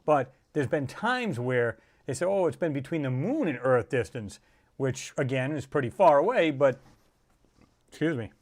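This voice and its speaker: A man's voice: mid-range voice, expressive, normal speed. A middle-aged man hosting a casual livestream, talking in a rambling, emphatic way and acting out the people he quotes. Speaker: channel host.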